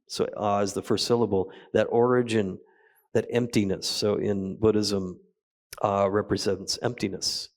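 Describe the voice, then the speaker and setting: A man teaching a meditation practice at a retreat, talking slowly and gently with soft pauses. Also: on the low side. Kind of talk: guided meditation talk. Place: retreat hall.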